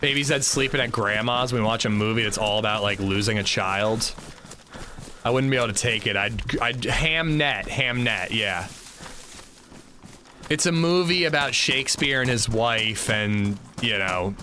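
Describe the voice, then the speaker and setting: A man's voice: medium pitch, measured pace, pushed and bright, slight background noise. A man with a sore throat, giving rambling, casual commentary on his gameplay with lots of fillers. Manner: rambling, loose, full of fillers. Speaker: gaming livestreamer.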